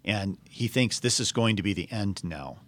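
A man retells a story in a conversational talk, pausing often with fillers and restarts. His voice sits on the lower side. He moves between summary and reading aloud. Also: expressive, fairly bright tone. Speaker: speaker retelling a novel.

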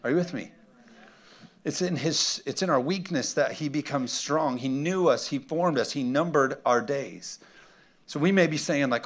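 A middle-aged man preaching a sermon to his congregation, energetic and humorous, often asking the room for an amen. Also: medium pitch, normal speed. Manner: energetic preaching with call-and-response questions and humor. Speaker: pastor. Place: church sanctuary with congregation.

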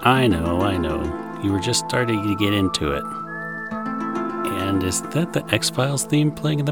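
A man hosting a podcast, narrating a story in a wry, conversational way. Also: low voice. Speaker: podcast host.

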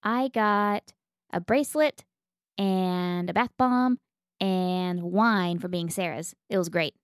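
A woman's voice: fairly low pitch, slow, smooth, no echo, clean studio sound. A woman co-hosting a board game podcast, playful and jokey, giggling often, on a mic on a stand. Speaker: podcast co-host. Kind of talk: casual chat.

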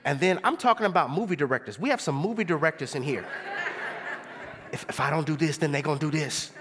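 A young adult man preaching a sermon in an animated, conversational way, throwing rhetorical questions at the congregation. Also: a little high, fast talker, background noise.

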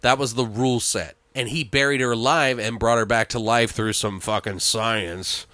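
A man in casual podcast chat reviewing a film, animated and swearing freely. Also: medium pitch, normal speed, no room sound, clean studio sound.

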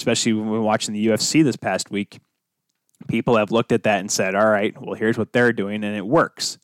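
A man's voice: fairly low pitch, fairly bright tone, clear, resonant tone, dry recording, studio quality. A man hosting his own sports podcast alone, talking casually and drifting off on tangents with self-deprecating asides. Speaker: podcast host. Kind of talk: solo podcast monologue.

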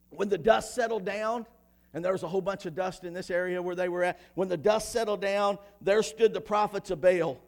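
A man preaching a sermon in a church, moving from quiet reading of scripture to loud, shouted preaching. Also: sits high, creaky.

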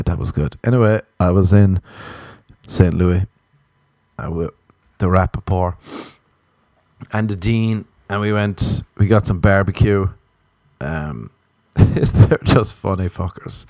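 A young Irish man hosting a podcast, rambling through a comic, self-mocking monologue and sliding into high mock voices. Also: a little mellow, no room sound, studio quality. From Ireland. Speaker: podcast host. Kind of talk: casual comedic monologue.

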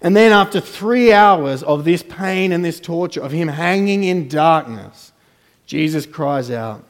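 This pastor's sermon rings through a reverberant church hall. His voice is expressive and a little slow, dropping into quiet, low asides before rising into forceful declarations.

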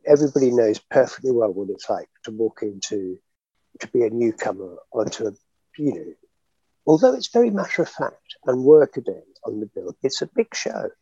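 Older guy telling stories, husky voice, laughs a lot, dry slightly muffled audio. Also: medium pitch, moderate pace, dry recording. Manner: chatty, animated storyteller, laughs often, many fillers. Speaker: actor guest. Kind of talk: reminiscing interview.

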